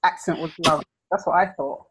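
A woman's voice: low-pitched, fairly even intonation, normal speed, husky, low-quality recording. A woman hosting a podcast interview, chatty and rambling, laughing a lot. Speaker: podcast host. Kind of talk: casual interview chat.

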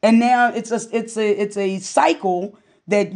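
A woman's voice: medium pitch, unhurried, a little mellow. A woman hosts a relationship podcast alone, speaking in a candid, storytelling way. She talks casually and openly, with a mid-range voice. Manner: candid, storytelling, conversational with fillers. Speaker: podcast host. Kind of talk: casual personal monologue.

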